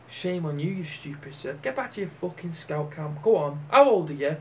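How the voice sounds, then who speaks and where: A vlogger delivers a profane rant to camera, sweary, sneering and mocking. His voice sits on the high side, with slight background noise.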